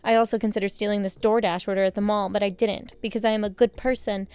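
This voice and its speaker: A young woman narrating a sewing vlog in a casual voice-over, with deadpan, self-mocking jokes. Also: medium pitch, fast, clean tone, dry recording. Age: young adult. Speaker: sewing vlogger.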